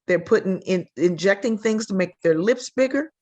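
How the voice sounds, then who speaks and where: Older woman telling lively stories. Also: medium pitch, moderate pace. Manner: animated, acts out quoted voices. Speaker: guest sociologist. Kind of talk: storytelling in a podcast interview.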